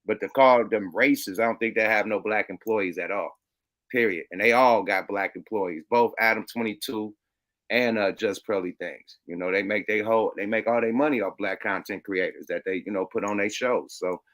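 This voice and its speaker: A middle-aged man co-hosting a casual talk show, slangy and animated, acting out quoted people in his stories. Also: normal speed. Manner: animated, slangy, acts out quotes in high voices. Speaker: podcast co-host. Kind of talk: casual chat.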